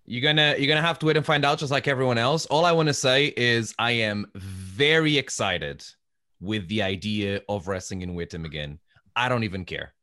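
A male podcast host banters with his guest in a playful, teasing way. He speaks in a relaxed, conversational manner. His voice sits at a middle pitch. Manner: playful and joking, quick laughs, teasing banter. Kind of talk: casual podcast chat.

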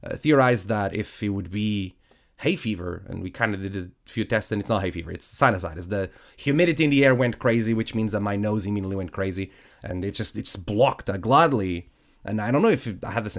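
A man's voice: fairly low pitch, animated, fairly quick. Stuffy-nosed man chatting on his podcast. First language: Portuguese. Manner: rambling, self-correcting, chatty with frequent fillers. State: stuffy nose from sinusitis. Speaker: podcast host. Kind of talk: casual solo podcast chat. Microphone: studio podcast microphone.

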